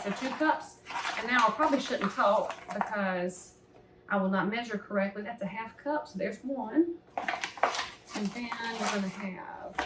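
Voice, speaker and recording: A woman's voice: on the high side, distant mic. Southern lady in her 40s running her cooking show, opinionated and folksy, roomy kitchen sound. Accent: Southern American. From Southern United States. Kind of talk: casual cooking demonstration. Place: home kitchen. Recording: roomy, mic some way off, faint hiss.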